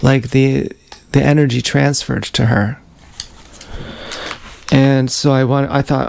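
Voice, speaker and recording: A man talking in a rambling, confessional livestream monologue, full of halting restarts, on an action camera with faint noise behind. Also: mid-range voice, little pitch movement, gravelly, a little mellow.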